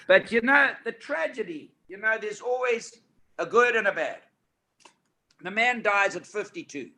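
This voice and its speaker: An older man with a South African accent tells his stories with animated, emphatic energy. His voice is bright and forceful and sits fairly high. He slips into preaching at times. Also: measured pace. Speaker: guest. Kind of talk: storytelling on a talk panel.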